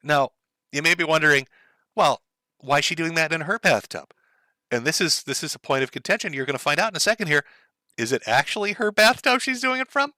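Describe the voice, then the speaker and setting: A man delivers sardonic, profane commentary over clips he plays for his viewers. His voice is bright and highly animated, sitting a little high, in a dry, close recording. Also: brisk, dry recording. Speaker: streamer reacting to clips.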